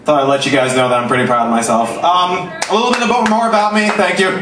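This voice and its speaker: A man in his twenties doing a stand-up comedy set, self-mocking and punchy, dropping into low asides. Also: a little fast, distant mic, noisy background. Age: 20s. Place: comedy club stage. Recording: echoey club recorded from afar.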